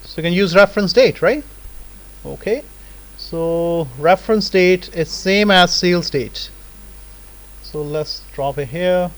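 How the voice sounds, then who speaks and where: A man teaching a live software tutorial in a casual lecturing manner, often checking in with "right?" and "okay?". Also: high voice, measured pace, pauses often, low-quality recording.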